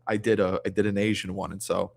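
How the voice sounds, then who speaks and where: Rambling low-voiced man. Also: level tone, fast talker, gravelly, a little mellow. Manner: rambling, many fillers and restarts. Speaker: guest streamer. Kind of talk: casual livestream chat.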